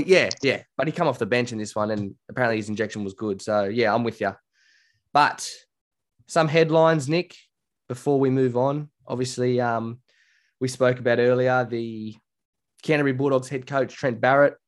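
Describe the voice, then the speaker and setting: An Australian man co-hosts a podcast in a relaxed, chatty way. He tells stories with animation and acts out what other people said. His voice sits in a middle pitch. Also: moderate pace. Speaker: podcast co-host. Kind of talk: casual chat.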